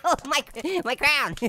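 Annoying Orange, squeaky and giggly. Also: male voice, bright, forceful tone, full character voice. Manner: giggly, wisecracking, constant laughing. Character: cheeky hyper male talking orange. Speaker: gameplay commentator. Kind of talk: comedic game commentary.

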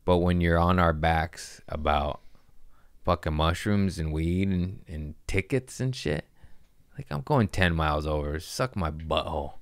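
A man hosting a podcast, telling rambling, profane, animated comic stories in casual chat. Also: deep voice, a little slow, clean tone, dry recording, studio quality. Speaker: podcast host. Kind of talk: casual comedic storytelling.

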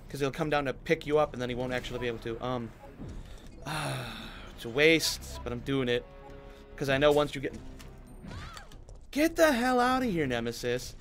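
A man's voice: on the high side, lively intonation, moderate pace, long pauses, fairly bright tone, soft background music. A man playing a survival horror game, pleading and swearing as he commentates. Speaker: gaming YouTuber. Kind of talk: let's play commentary.

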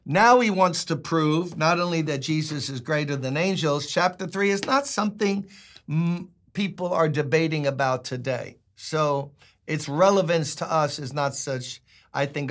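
Delivering a Bible teaching, a Brooklyn pastor with a New York accent is chatty, emphatic, and quick with jokes. He's an older man. His voice runs on the high side with a fairly bright tone.

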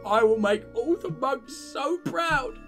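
A man's voice: extremely high pitch, animated, takes it slowly, a bit bright, faint music behind, voice pushed up, exaggerated voice. A man voicing a humble young male monk reading his diary aloud, weary and earnest.

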